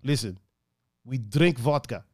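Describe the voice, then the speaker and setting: A man voicing a pushy older club owner who insists on vodka, in a low, hushed, insistent way. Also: unhurried, close to an everyday voice.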